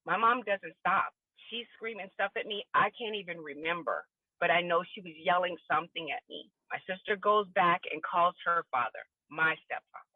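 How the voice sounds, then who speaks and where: A woman's voice: fairly low pitch, moderate pace, no echo. A woman guest on a podcast interview, giving candid, emotional personal testimony. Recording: tinny phone line, dry.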